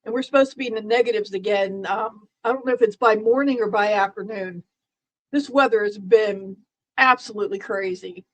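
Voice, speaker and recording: A woman's voice: mid-range voice, brisk, a bit bright, rough recording. A woman hosting a live stream in casual chat with her viewers. She talks in a rambling, playful way, with lots of fillers and restarts, and teases the people in the chat. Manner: chatty, playful, teasing chat commenters. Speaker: livestream host.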